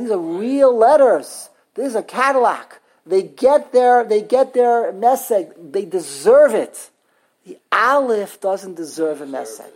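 A woman's voice: medium pitch, lively intonation, a little slow, a little mellow. A woman teaching an interactive scripture grammar class, emphatic, often restarting and repeating words. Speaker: religious studies teacher.

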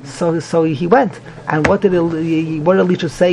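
A man teaching a Talmud class, an animated, repetitive, joking storyteller who mixes in Hebrew and Yiddish terms. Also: a little high, moderate pace, vocal fry, a crowd in the background. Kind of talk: Daf Yomi Talmud class.

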